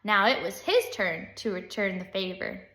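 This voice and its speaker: A woman reading a children's book aloud with expressive, unhurried storytelling. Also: medium pitch, roomy sound. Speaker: audiobook reader.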